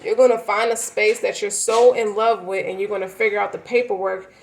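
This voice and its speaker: A woman's voice: mid-range voice, level tone, a little fast, vocal fry, a little hiss or hum, low-quality recording. A woman gives a tarot reading in a loose, casual way. She rambles and stresses her words, doubling back to restart her sentences as she goes. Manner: rambling, emphatic, many fillers and restarts. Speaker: tarot reader.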